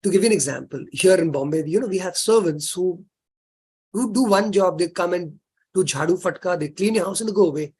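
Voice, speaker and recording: Husky Indian man giving a religious lecture. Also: high voice. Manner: earnest, coaxing, sprinkles Hindi words. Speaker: lecturer on Jain practice.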